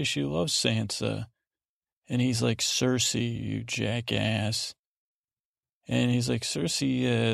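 Male podcast host, flat gravelly delivery, meandering sleepy recap, dry close sound. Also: medium pitch, no room sound. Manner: meandering, halting, full of fillers; paraphrases scenes in casual voices.

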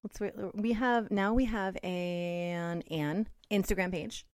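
A young adult woman co-hosting a podcast in relaxed, rambling casual chat, full of filler words. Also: mid-range voice, slow pace, clear, resonant tone. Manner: relaxed, rambling, many "like" and "you know" fillers. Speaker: podcast co-host.

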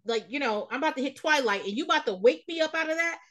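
Brief: woman host, slightly high and bright, blunt profane ranting recap chat. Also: lively intonation, fast. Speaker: podcast host. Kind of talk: casual reality-TV recap chat.

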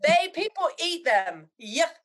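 A middle-aged woman from Zimbabwe, chatting as a podcast guest and telling animated, heartfelt stories. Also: extremely high pitch, a little slow. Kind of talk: casual chat.

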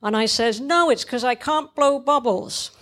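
A woman's voice: fairly high pitch, measured pace, a bit bright, voice pushed up. A woman reading aloud in the voice of a small, anxious, put-upon girl, her tone plaintive. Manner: plaintive, rising into upset. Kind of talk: reading a cartoon monologue aloud.

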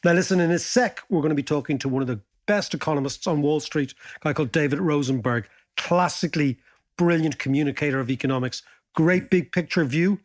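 A man with a fairly high, fairly quick voice hosts a podcast, chatting casually with a co-host. He's lively and jokey, telling stories animatedly.

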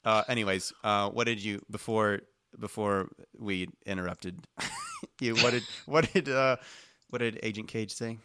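Man, game master, bright forceful voice, dry close sound, chatty. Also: lowish voice, a little slow, clean tone, no echo. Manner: laid-back, chatty, laughs often. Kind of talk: narrating a tabletop game.

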